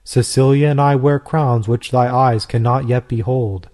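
A man's voice: medium pitch, steady tone, unhurried, a little mellow, natural voice. A man reading aloud, voicing a fervent young male Christian convert who speaks with solemn, earnest persuasion. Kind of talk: storybook reading.

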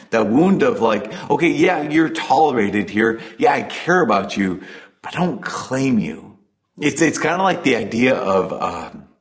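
A man giving a conversational sermon, talking earnestly and dropping to soft emphasis on key points. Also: fairly low pitch. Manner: earnest, builds intensity then drops to soft emphasis. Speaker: preacher.

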